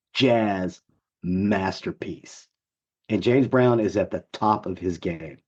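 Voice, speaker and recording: Gruff hoarse guy rambling excitedly on a podcast, lowish voice, kinda dull lo-fi sound. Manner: enthusiastic, rambling with many fillers. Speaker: podcast co-host. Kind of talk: casual chat.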